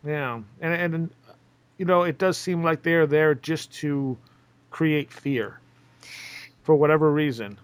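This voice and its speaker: A man's voice: a little high, fairly even intonation, clear, resonant tone, no room sound. A man hosting a radio talk show, reacting briefly to his guest and then reading the show's announcements. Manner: brief reactions, then a quick promo read. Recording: loud background noise.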